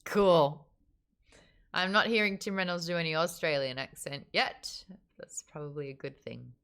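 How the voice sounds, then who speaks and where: A woman hosting a book club chat, animated and casual, swearing freely and laughing often. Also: deep voice, normal speed, smooth.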